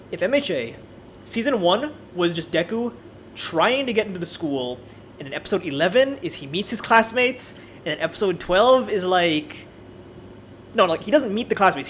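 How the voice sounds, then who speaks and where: A man giving a casual, animated and profane ranting review, often restarting his sentences. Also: high voice, slight background noise. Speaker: anime video creator.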